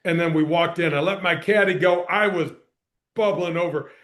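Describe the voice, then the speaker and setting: A middle-aged man tells his story on a podcast with energy and emphasis. His voice sits high for a man. He punches key words and keeps the telling moving. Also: normal speed, fairly bright tone. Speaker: podcast guest, former pro golfer and radio host. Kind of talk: animated storytelling in conversation.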